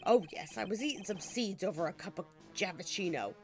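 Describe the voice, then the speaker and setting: A woman's voice: fairly low pitch, lively intonation, fairly quick, soft background music, lightly acted. A woman voicing a grumpy, stubborn old male witness in a put-on French-sounding accent. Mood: grumbling. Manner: gruff, grumbling.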